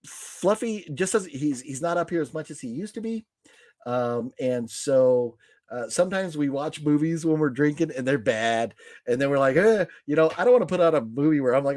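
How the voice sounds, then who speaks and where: A man's voice: mid-range voice, no room sound, clean studio sound. Rambling man hosting a live chat. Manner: rambling, reacts to viewer comments with fillers and restarts. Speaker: host reading live chat. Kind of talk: casual live-stream chat.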